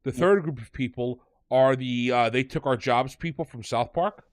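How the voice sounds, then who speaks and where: Man, podcast host, casual review chat, rambling, sarcastic, medium pitch, dry close sound. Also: moderate pace, no echo.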